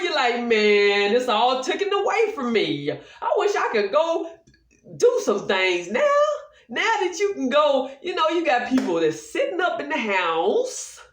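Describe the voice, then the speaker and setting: A middle-aged woman chatting to camera in a playful, animated way, often laughing and acting out the people she quotes. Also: high-pitched, recorded from a distance. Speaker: vlogger. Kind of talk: casual chat to camera. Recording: echoey room, voice a bit off mic.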